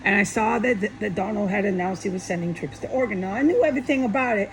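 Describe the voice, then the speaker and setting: A woman's voice: medium pitch, fast, a little hiss or hum, rough recording. A woman talking alone in an angry, profane, repetitive monologue, speaking to viewers from her home. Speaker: vlogger.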